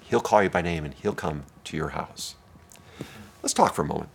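A man preaching a sermon as pastor, swinging between hushed, intimate lines and loud, emphatic ones. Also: very deep voice, animated, moderate pace, creaky, slight background noise.

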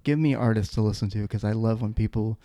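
A young man hosting a laid-back podcast chat, his voice gravelly with a lot of fry. He rambles in loose, meandering sentences, and his tone sits dark and mellow. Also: lowish voice, quick pace. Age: 20s. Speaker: podcast host. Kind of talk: casual chat.

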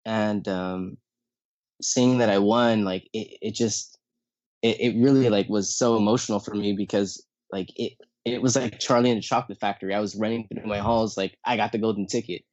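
Man telling an animated story. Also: lowish voice, normal speed, no room sound. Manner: animated storytelling, acts out quotes. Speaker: contest winner guest. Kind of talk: casual podcast chat. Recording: dry muffled sound.

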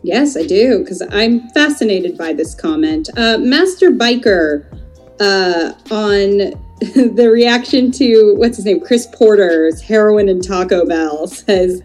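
A woman's voice: medium pitch, animated, takes it slowly, darkish tone, faint music behind. A woman co-hosting a casual chat show, amused, reading listener comments aloud. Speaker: co-host.

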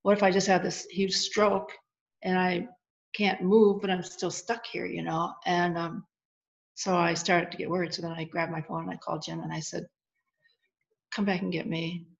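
A woman's voice: lowish voice, moderate pace, creaky. Woman retelling a story, lo-fi audio. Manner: animated retelling with quoted dialogue. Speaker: interview guest, author. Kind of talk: storytelling in an interview. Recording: lo-fi muffled audio.

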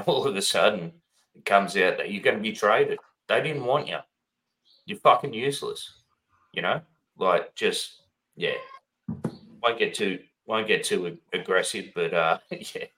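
A blunt Australian man with a very deep voice swears freely in casual podcast chat. His tone is bright and sharp despite the low pitch. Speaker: podcast co-host.

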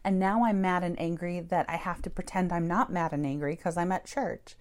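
A woman's voice: lowish voice, fairly even intonation, brisk. A woman who founded a church, telling her story candidly in an interview, swearing and laughing as she goes.

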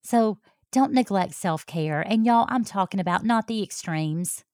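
Middle-aged health coach, folksy and direct, mid-pitched, dry recording. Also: female voice, measured pace, no room sound. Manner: warm, folksy, talks straight to listeners. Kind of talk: heartfelt personal talk.

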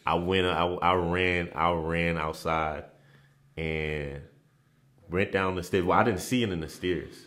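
Casting: man with a very low voice, laid-back podcast guest who often restarts and repeats phrases. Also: fairly even intonation, unhurried, fairly bright tone. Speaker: interview guest, former basketball player. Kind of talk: casual storytelling in a podcast interview.

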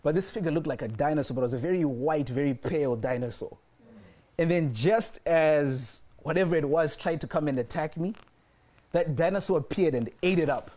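A man's voice: on the high side, a little fast, dark tone. A man preaching a sermon and telling a personal story, repeating his phrases for emphasis.

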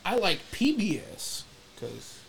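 A man's voice: high-pitched, wildly swooping pitch, slow, vocal fry, a loud crowd. A young man making dry, offhand remarks in casual chat with friends.

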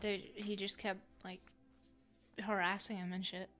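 A woman's voice: mid-range voice, flat delivery, measured pace, fairly bright tone, faint music behind. A woman co-hosting a casual podcast, telling stories in a rambling way with many fillers and casual swearing. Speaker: podcast co-host. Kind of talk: casual storytelling chat.

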